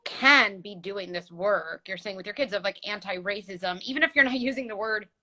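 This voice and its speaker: Woman host with a bright, forceful voice, animated and explanatory; video call audio. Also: medium pitch, moderate pace. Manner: animated, explains with vivid examples. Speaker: host, parenting psychologist. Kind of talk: casual conversational interview. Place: home, recorded livestream.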